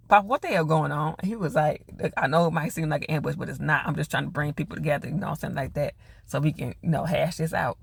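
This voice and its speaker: A man's voice: a little high, gravelly, a bit bright, breathy edge, dry recording. A man giving a casual recap of a TV episode. He retells the scenes in quoted dialogue and reacts to the characters with laughs. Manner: loose, chatty, full of fillers like "you know" and "or whatever". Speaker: TV episode reviewer.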